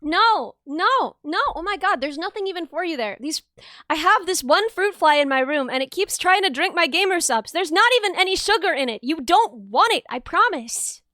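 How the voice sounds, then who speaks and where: A woman's voice: very high-pitched, animated, moderate pace, sharp tone, dry recording, clean studio sound. A young woman chatting casually on a live stream from her bedroom, giggling often and reading out viewer messages. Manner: giggly, chatty, reads chat aloud. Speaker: livestreamer.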